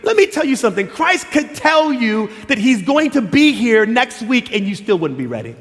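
A middle-aged man preaching a sermon as pastor, telling stories and acting out quotes in shifting voices. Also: normal speed. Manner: animated, acts out quotes in high and low voices. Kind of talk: sermon with storytelling. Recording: long hall reverb.

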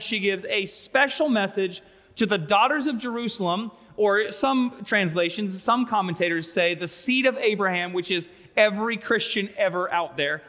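A pastor in his thirties delivers a sermon with a high, bright, forceful voice. He tells stories in an animated, joking way. The sound carries a long reverb from the sanctuary. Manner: animated storytelling with humor. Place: large church sanctuary.

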